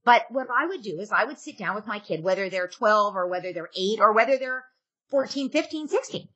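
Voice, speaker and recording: A woman's voice: mid-range voice, expressive, brisk, bright, forceful tone. A middle-aged woman, a parenting expert, giving advice in a casual podcast interview and acting out parent and kid lines.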